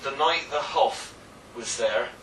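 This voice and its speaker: A man's voice: mid-range voice, takes it slowly, a bit bright, slight background noise. A man from England, co-hosting a casual chat, telling a story hesitantly with ums and restarts. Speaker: co-host. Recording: roomy echo, mic at a distance.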